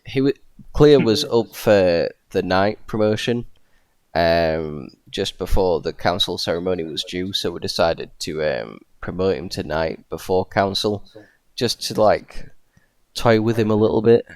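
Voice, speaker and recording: A man's voice: sits low, measured pace, no echo. A man co-hosting a casual podcast, reading out announcements and laughing along with the others. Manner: lively, laughs often, reads out announcements. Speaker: podcast co-host. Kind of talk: casual chat.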